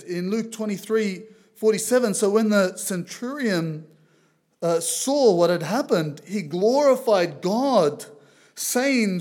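Man, from Lebanon, visiting preacher, high voice, loud earnest sermon, reads scripture aloud. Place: church.

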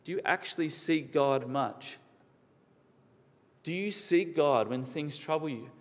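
With a slightly slow delivery and a voice on the high side, a man gives an earnest sermon full of questions. He leans on repeated key words for emphasis, and the sound rings with the long echo of a big hall.

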